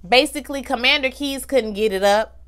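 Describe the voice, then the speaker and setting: A woman's voice: sits high, brisk, a bit bright, clean tone. A woman giving a casual, slangy recap of a TV episode, talking straight to her viewers and acting out the characters' lines. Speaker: TV show recap vlogger.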